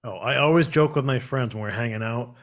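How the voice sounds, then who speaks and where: A man's voice: medium pitch, a little fast. A man hosting a live stream, chatting casually and rambling with lots of fillers. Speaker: host of a live channel.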